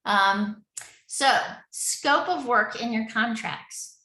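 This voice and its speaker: A woman's voice: on the high side, takes it slowly, bright, forceful tone, reverberant, low-quality recording. A woman leading an online project meeting from home, talking in a rambling, effusive way and laughing often. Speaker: city project lead running the meeting. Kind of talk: casual online meeting talk.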